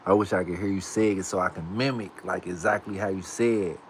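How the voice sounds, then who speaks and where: An American livestream host chats casually in a low voice, a little fast, with fairly even intonation and slight background noise. Laid-back and using street slang, he practices pronouncing words aloud.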